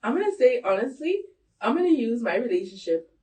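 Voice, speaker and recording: A woman's voice: a little high, sing-song, a little fast, mellow. A woman in her thirties co-hosting a podcast in casual chat, rambling with lots of fillers and frequent laughter. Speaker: podcast co-host. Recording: voices heard from a distance.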